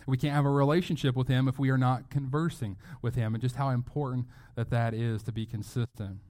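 A mid-pitched man preaches a sermon to his congregation. He speaks earnestly and leans hard on key phrases. He often stops and restarts his sentences as he goes. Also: steady tone, a little fast, a little mellow. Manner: earnest, emphatic, with frequent restarts. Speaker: pastor.

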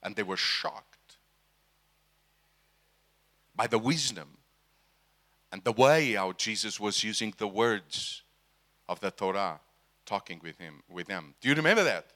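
Slow, bright-voiced male preacher. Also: on the low side, animated. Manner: asks the audience questions, emphatic. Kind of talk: sermon.

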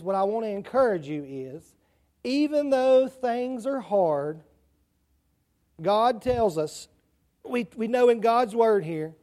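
A man's voice: very high voice, warm tone. A man with a rural Southern country accent giving a children's sermon in church, chatty and asking the kids questions. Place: church sanctuary.

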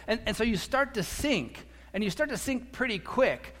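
A man preaching a sermon as a pastor, animated, acting out quotes and repeating words as he goes. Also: extremely high pitch, moderate pace, few pauses. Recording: echoey hall.

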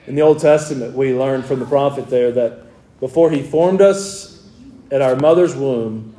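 This forties-aged pastor's sermon moves from fervent stretches into easygoing talk with the people in the pews. His mellow, mid-range voice echoes through the church sanctuary.

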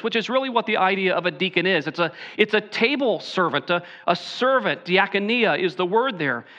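A man preaching a sermon as pastor, slowing down to stress key phrases. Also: high voice, bright, forceful tone, lo-fi sound.

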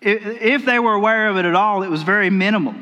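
A man preaches a sermon in a folksy, storytelling way, often circling back to restart his sentences. His voice sits high for a man. It rings with the long reverb of a church hall. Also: fast talker, sharp tone. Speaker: pastor. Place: church sanctuary.

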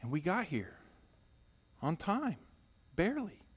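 A middle-aged pastor preaching a sermon, telling a personal story and moving from loud emphatic passages to quiet, intimate ones. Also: male voice, high voice, big pitch swings, takes it slowly, husky.

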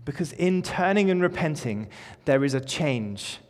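A man's voice: a little high, expressive, a little slow. A male pastor giving an informal, conversational sermon in a church, with light jokes. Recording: echoey church with long reverb.

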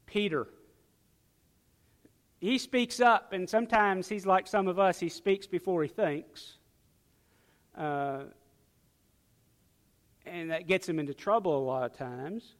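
A male pastor preaching a sermon, swinging from loud emphatic lines to hushed ones. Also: high-pitched, takes it slowly, long pauses, long reverb tail.

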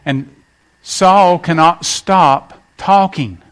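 A man's voice: fairly high pitch, very slow. A man preaching a sermon, telling folksy stories and acting out quotes. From West Virginia. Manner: folksy storytelling, animated acted quotes. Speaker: pastor.

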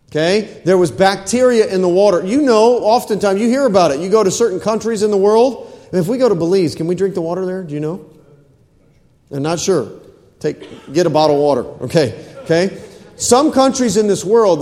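A male pastor delivers a sermon in a fairly high voice. He keeps asking the congregation questions and repeats phrases for emphasis. The sound carries a long church reverb. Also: mellow.

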